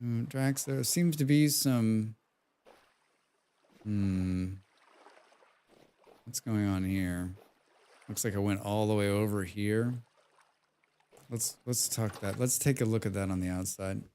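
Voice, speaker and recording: A man's voice: on the low side, takes it slowly, pauses often, mellow, clear, resonant tone. A man live-streaming a game, chatting casually in a rambling way, reading chat aloud and humming to himself as he plays. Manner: hums tunelessly while playing. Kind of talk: live gaming stream commentary.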